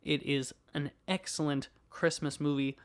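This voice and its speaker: Young male podcast host, slightly high voice, animated and chuckling through a casual movie recap. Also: normal speed, clear, resonant tone. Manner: animated plot retelling with frequent laughs.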